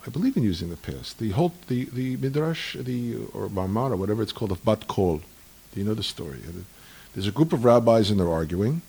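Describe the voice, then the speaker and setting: A man talking in a lively, argumentative way about tradition, acting out the voices in the stories he tells. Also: on the low side, a little fast, husky. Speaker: speaker on Jewish tradition. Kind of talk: animated conversational storytelling.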